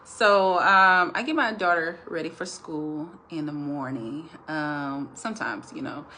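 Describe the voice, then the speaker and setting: A woman's voice: deep voice, measured pace, noisy background. A woman sharing a casual faith testimony with viewers, chatty and rambling, turning earnest when she speaks of revelations. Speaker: Christian devotional speaker.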